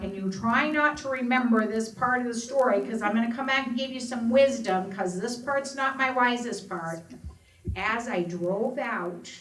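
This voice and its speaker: A middle-aged woman, an Alzheimer's advocate, telling a personal story to an audience and voicing the people in it. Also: fairly high pitch. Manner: expressive storyteller, quoting others in raised voices. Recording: echoey room from far off, faint ambience.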